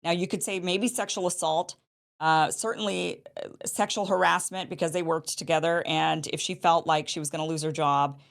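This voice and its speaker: A woman's voice: low voice, fairly even intonation, normal speed, gravelly. A woman host in her thirties giving spoken commentary on a news story, thinking aloud with frequent restarts.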